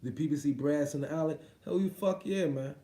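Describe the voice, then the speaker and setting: A man's voice: a little high, fairly quick, mellow. A man hosting a boxing livestream, ranting casually in a profane, rambling way full of repeats. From United States. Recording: roomy echo.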